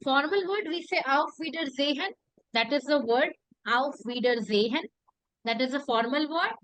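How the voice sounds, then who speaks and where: A woman teaching a language class, repeating phrases slowly and asking the class rhetorical questions. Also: sits high, fairly bright tone, no room sound, low-quality recording. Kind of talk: classroom lesson.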